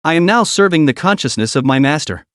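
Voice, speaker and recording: A man voicing a cold, scheming male cult messenger in an animated story recap, speaking calmly and in a measured way. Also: fairly high pitch, no echo, studio quality. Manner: calm, measured, preaching.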